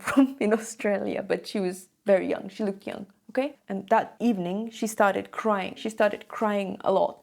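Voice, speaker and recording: A young woman speaks straight to her viewers, retelling a story in a loose, conversational way and checking in with them as she goes. Her voice sits at an ordinary middle pitch with a steady gravelly fry running through it. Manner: chatty, frequent "like" and "okay?" check-ins. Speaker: vlogger. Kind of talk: casual storytelling to camera.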